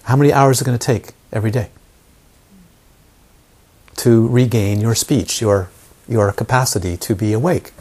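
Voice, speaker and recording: A man's voice: mid-range voice, moderate pace, pauses often, a little mellow, slightly rough. A man teaching meditation to a group, asking his listeners repeated rhetorical questions and repeating words for emphasis. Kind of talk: dharma talk to a group.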